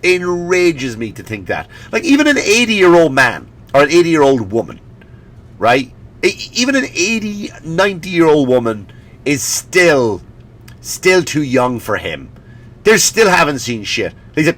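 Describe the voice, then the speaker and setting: Animated, swearing man ranting on a comedy podcast. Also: on the high side, a little slow. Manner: animated, profane, mocking impressions. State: sniffly. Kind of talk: comedic rant.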